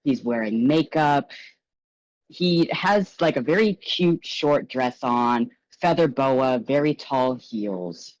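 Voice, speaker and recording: Young woman as tabletop game master; deep and very animated delivery, casual, a little profane. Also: slow, no echo, poor audio. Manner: casual, swears, self-deprecating, animated. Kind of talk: narrating a tabletop role-playing game.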